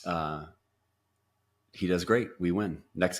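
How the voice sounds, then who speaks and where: A man with a very deep voice tells his story as a podcast guest. He talks in bursts full of restarts and acts out his own past quotes. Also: slow. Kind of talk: storytelling interview.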